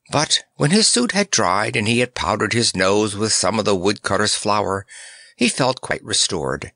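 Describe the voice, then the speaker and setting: A man narrating a children's audiobook in a measured, expressive way. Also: on the low side, gravelly, dry recording, studio quality.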